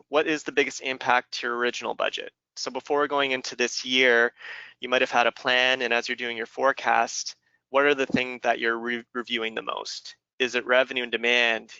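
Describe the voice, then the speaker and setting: A man's voice: mid-range voice, vocal fry, bright, forceful tone, smooth, dry recording. A man presenting a business webinar, explaining steadily and running audience polls over a computer mic. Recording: dull lo-fi webinar audio.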